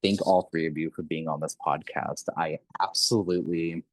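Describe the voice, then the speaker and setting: A man's voice: extremely low pitch, fairly even intonation, normal speed, no room sound, poor audio. A man hosting a podcast, speaking earnestly and with open emotion as he thanks his guests. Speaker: podcast host. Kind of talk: closing remarks of an interview.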